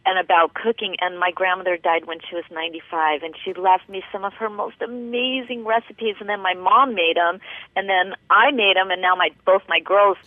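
A woman's voice: mid-range voice, steady tone, a little fast, no echo. Female host, chatty and enthusiastic, rambling; tinny phone-band audio. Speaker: show host. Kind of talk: casual interview chat.

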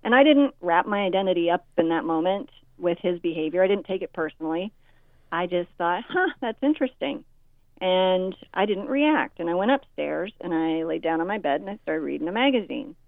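A woman guest author in her forties speaks in a slightly low voice. She tells a parenting story and acts out each quote with energy. The sound is thin and dry, like a phone line. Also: expressive, fairly quick, gravelly, no room sound. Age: 40s. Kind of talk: interview storytelling.

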